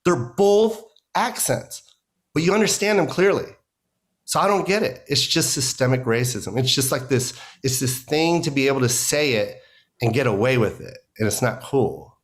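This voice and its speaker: Animated middle-aged man, emphatic. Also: mid-range voice, moderate pace. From United States. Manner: animated, emphatic, repeats "you know". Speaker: guest comedian. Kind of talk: conversational interview.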